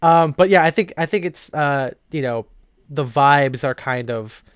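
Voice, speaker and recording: A man's voice: fairly high pitch, measured pace, smooth, no echo. A young man co-hosting a podcast, rambling and laughing often. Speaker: podcast co-host. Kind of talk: casual chat.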